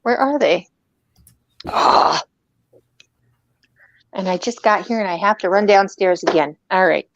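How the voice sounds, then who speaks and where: A woman's voice: mid-range voice, measured pace, pauses often, no room sound, muffled recording. A woman on an art live stream, flustered and talking to herself as she searches. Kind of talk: casual chat.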